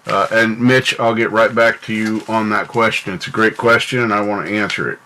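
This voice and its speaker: A man's voice: on the low side, steady tone, fairly quick, pushed and bright, a little hiss or hum. A North American man hosting a livestream, rambling casually and thinking aloud while he answers his chat. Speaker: livestream host.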